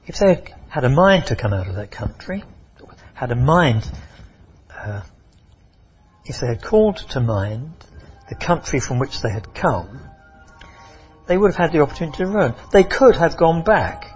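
Man preacher, husky voice, lively rising and falling pitch, emphatic and repetitive, muffled lo-fi recording. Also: moderate pace, pauses often, faint music behind. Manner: expressive, emphatic, with frequent repetitions and restarts. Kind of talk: sermon.

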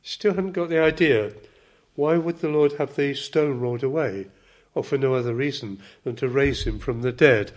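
Earnest man preaching a measured sermon. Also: mid-range voice. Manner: measured, earnest, gently emphatic.

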